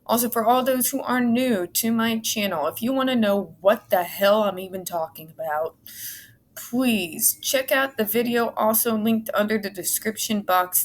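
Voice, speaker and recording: A woman vlogger reading from a court report, breaking off for blunt, sarcastic, exasperated asides and frequent swearing. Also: medium pitch. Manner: sarcastic asides between read passages. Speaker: advocacy vlogger.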